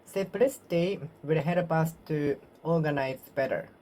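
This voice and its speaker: A woman with a low voice practices English alone in a self-study monologue. Her first language is Japanese. She talks slowly, repeats words and corrects herself, over a faint hiss. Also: dark tone. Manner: slow, repetitive, self-correcting practice speech.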